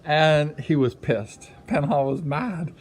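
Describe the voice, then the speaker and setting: Animated man telling racing stories. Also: on the high side, takes it slowly, breathy edge. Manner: animated, acts out quotes, many fillers. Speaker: former speedway rider. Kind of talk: casual personal storytelling. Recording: music under the voice. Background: background music.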